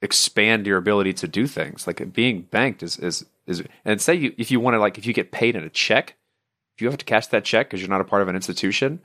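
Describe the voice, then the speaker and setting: A man's voice: on the low side, quick pace, sharp tone, no room sound, studio quality. A man co-hosting a podcast in casual chat, earnest and rambling with many fillers. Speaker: podcast co-host.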